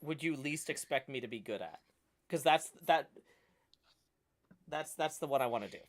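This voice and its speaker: A man's voice: mid-range voice, moderate pace. A man hosting a casual livestream, rambling and restarting his sentences as he chats. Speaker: streamer host.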